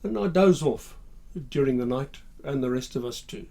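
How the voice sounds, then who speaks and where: A man, retelling a war memory in a halting, low-key way and often repeating his words. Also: animated, gravelly, dark tone. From Zimbabwe. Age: 60s. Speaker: war veteran storyteller. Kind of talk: spoken war memoir.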